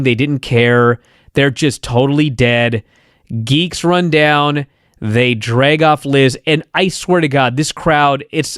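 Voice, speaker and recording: A man's voice: medium pitch, clean tone, dry recording, studio quality. A man hosting a podcast, telling a wrestling recap in a casual, sarcastic and profane way, acting out quotes. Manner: sarcastic, profane storytelling with quoted bits in character. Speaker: podcast host.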